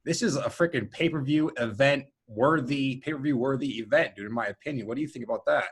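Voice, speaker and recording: Regular-pitched guy on a podcast, eager and upbeat, just chatting. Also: fast talker, husky. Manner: eager, upbeat fan talk. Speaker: podcast co-host. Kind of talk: casual podcast chat.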